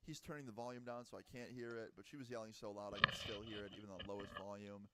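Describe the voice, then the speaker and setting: A man's voice: lowish voice, steady tone, fast talker. A young man casually narrating a personal story in a blunt, profane, chatty way, acting out the quotes. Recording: loud background noise.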